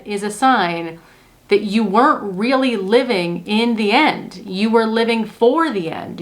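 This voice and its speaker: A woman who works as a manifestation coach, explaining ideas in a casual, earnest way that is reassuring and full of "like" and "so". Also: medium pitch. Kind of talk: casual teaching monologue.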